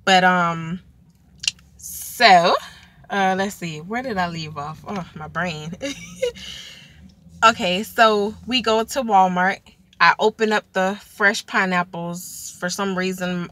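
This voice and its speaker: A young woman casually telling a personal story to camera, chatty and animated, full of fillers. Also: mid-range voice.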